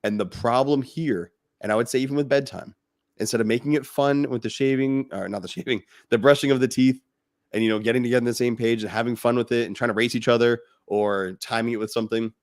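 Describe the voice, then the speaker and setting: With a medium-pitched voice recorded at studio quality and no room sound, this man co-hosts a fatherhood podcast. He chats casually in a blunt, animated way, joking with mocking voices as he quotes people.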